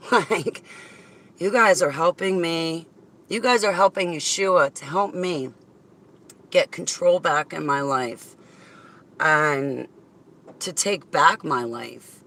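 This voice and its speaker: A woman speaking in a bright, forward-edged voice in an effusive, rambling video message to her viewers. She talks slowly, with plenty of pauses, then bursts into loud exclamations. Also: sits low. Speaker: vlogger thanking her viewers. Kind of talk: casual emotional video message.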